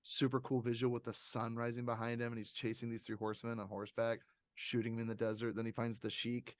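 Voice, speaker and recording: A man hosting a podcast, chatting casually and reviewing a movie in a rambling, animated way, often laughing. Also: medium pitch, fast. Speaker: podcast host.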